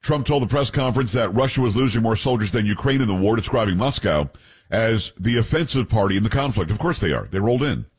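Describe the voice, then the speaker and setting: A man's voice: fairly low pitch, expressive, fast, breathy edge. A man hosting talk radio, reading news stories aloud and breaking in with blunt, opinionated asides.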